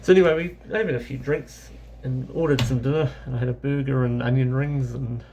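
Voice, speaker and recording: Over a noisy background, a man with a New Zealand accent, a travel vlogger from New Zealand, tells a casual, rambling travel story full of fillers and self-corrections. His mid-range voice is brisk, with fairly even intonation.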